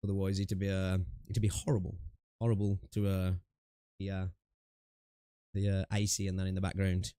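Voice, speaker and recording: A young British man chats casually on a gaming livestream in a deep, mellow, monotone voice at normal speed, leaving long pauses. He rambles with plenty of fillers and asides, and his close desk mic with noise suppression gives a clean tone with no echo.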